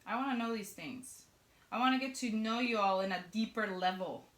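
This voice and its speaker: A woman's voice: on the high side, fairly quick, fairly bright tone. A young woman giving a casual sewing tutorial, chatting and joking with viewers as she works at her sewing machine. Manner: chatty, jokey asides to viewers while working. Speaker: sewing pattern instructor.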